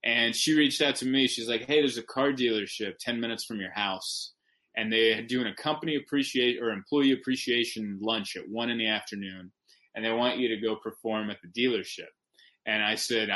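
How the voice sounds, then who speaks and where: A man, a stand-up comedian guest on a podcast, telling a story in casual chat with animated, emphatic delivery and quick self-corrections. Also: medium pitch.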